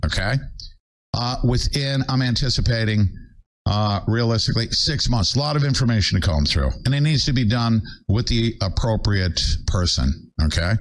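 An older man hosting his own show, ranting in a fired-up way with sudden high, loud bursts. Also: animated, normal speed. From United States. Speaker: show host. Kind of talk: angry political livestream rant.

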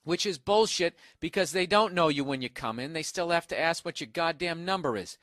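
A man's voice: a little high, fairly quick, a bit bright, no room sound, studio quality. A man hosting a comedic podcast from a hotel room on a single microphone, reading out a listener email in a profane, sarcastic rant. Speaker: podcast host. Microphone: single microphone, no headphones.

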